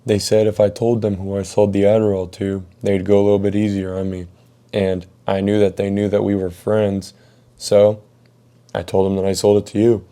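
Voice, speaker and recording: A careless teen boy shrugs off the trouble he caused with casual excuses, as a man acts him out. The voice is low and very dark in tone. He sounds completely unbothered. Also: flat delivery, moderate pace, natural voice. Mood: offhand. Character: shifty teenage boy, offhand and unbothered.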